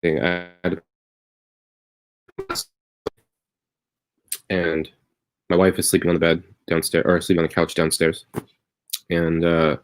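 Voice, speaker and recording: Deep-voiced man rambling through a story. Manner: rambling storytelling, turning wry then tender. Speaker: comedian hosting a live stream. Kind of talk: casual confessional monologue. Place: his bedroom at home.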